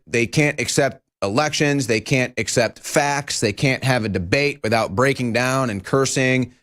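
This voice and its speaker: A man hosting a studio talk show, delivering an animated political commentary monologue with emphatic rhetorical questions. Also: mid-range voice. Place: broadcast studio.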